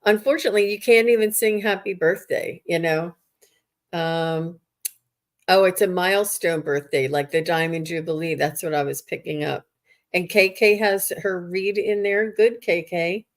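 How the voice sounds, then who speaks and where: A woman's voice: lowish voice, moderate pace. A woman psychic medium chatting on a live stream over a video call, reassuring and greeting viewers by name.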